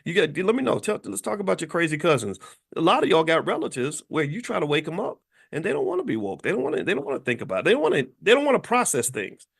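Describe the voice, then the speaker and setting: A man's voice: on the high side, very animated, fast talker, gravelly, breathy edge. A middle-aged man from Kentucky hosting a motivational commentary monologue, blunt and emphatic, repeating words as he drives home each point. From Louisville, Kentucky, USA. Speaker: host.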